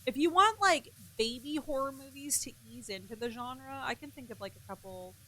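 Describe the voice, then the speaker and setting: A chatty young woman with a high, light voice, streaming a game and talking off the cuff. She swears freely and answers comments from her chat as she plays. Her talk is loose and conversational. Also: normal speed, bright, forceful tone, slight background noise. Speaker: gaming streamer. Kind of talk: casual chat while playing a game.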